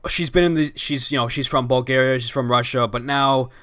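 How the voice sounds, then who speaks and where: Bright, dry-sounding young man joking. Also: medium pitch, fairly even intonation, brisk, dry recording. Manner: wry, joking, rambling asides. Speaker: podcast co-host. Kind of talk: casual wrestling chat.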